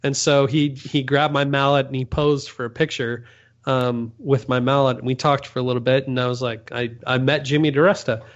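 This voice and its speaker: A man's voice: medium pitch, level tone, moderate pace. A man co-hosting a casual chat, recalling a story in an easygoing, self-deprecating way. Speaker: podcast co-host. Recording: muffled lo-fi recording.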